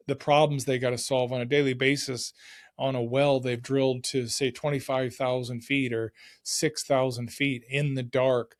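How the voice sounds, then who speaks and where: A middle-aged man, a podcast guest, telling stories from his working life in a casual, excited and energetic way. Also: mid-range voice. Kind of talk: casual storytelling.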